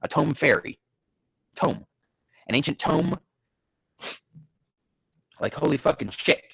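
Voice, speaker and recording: A man's fairly high, creaky, slightly rough voice moves at a slow pace yet stays animated as he reads bad fanfiction aloud and tears into it. Stuffy-nosed from allergies, he's sarcastic, profane and exasperated, bursting into yells. It's ranting comedic commentary with no echo.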